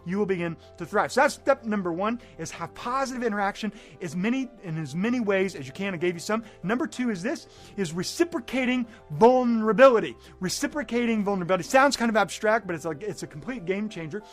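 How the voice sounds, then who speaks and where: A middle-aged man giving a motivational talk as a life coach, animated and often acting out scenes in excited bursts. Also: high voice, quick pace, few pauses, faint music behind.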